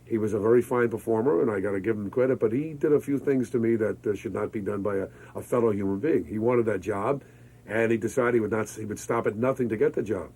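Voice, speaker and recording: A man, telling lively stories as a guest in an interview. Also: fairly low pitch, fast, breathy edge, rough recording. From Brooklyn, New York. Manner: energetic, exuberant storyteller. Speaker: radio disc jockey, guest. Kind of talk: interview conversation.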